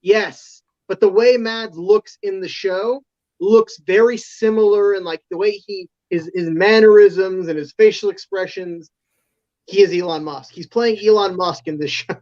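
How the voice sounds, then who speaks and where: A man's voice: high-pitched, measured pace, a little mellow. A man chatting casually as a podcast guest, telling stories loosely with hesitant fillers and some swearing. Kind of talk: casual chat. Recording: slightly dull, lo-fi sound.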